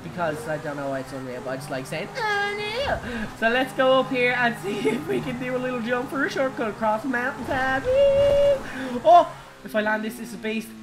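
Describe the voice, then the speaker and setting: A young Irish woman giving excitable, giggly live commentary while playing a driving game, shrieking at her crashes. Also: fairly high pitch, quick pace, heavy background noise. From Ireland. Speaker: game streamer. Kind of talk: live gaming stream commentary.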